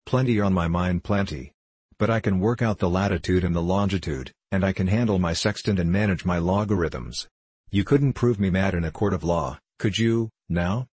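Give me a haunted, brooding sea captain with a low husky voice, as a male narrator reads him. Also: normal speed, darkish tone, no room sound. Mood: arguing. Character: haunted, overwrought middle-aged male ship captain.

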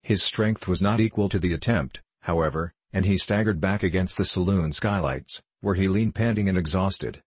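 A man reading a story aloud in a measured, even narration with a husky voice. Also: deep voice, dry recording. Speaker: audiobook narrator. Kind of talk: scripted narration.

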